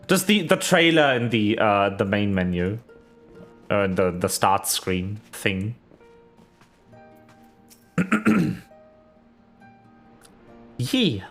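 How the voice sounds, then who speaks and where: A game streamer talking casually over gameplay, unhurried and rambling, with fillers and little laughs. The pitch swings a lot. Faint game music plays underneath. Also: big pitch swings. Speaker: VTuber streamer.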